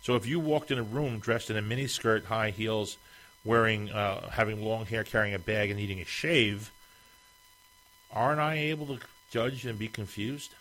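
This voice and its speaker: A man's voice: lowish voice, steady tone, normal speed, fairly bright tone, rough recording. Man ranting through rhetorical questions. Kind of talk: opinion monologue.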